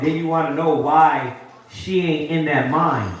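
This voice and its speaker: Animated male street preacher, high voice, heard from far off. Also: unhurried. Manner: animated, mocking voices of others. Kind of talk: preaching to a group. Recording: echoey room from far off.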